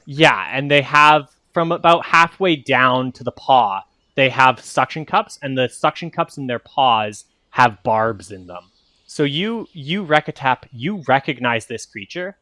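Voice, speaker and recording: Male game master, unhurried, filler-heavy narration, middle pitch. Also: expressive, sharp tone, no echo. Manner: meandering, descriptive, many fillers.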